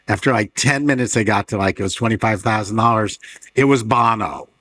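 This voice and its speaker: A man interviewing on a panel, with quick wry remarks and anecdotes. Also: fairly low pitch, fairly bright tone. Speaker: interviewer, art newsletter publisher. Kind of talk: casual panel conversation. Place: fair talk stage.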